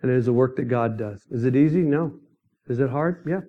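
A middle-aged man delivers his mission testimony as a sermon, emphatic and full of storytelling, now and then erupting into loud outbursts. His voice sits at medium pitch and moves fairly quickly, and the recording's highs are cut off.

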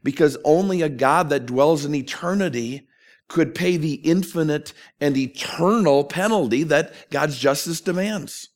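A man's voice: on the high side, a little slow. A man preaching a sermon as a pastor, earnest and emphatic, asking questions of his listeners.

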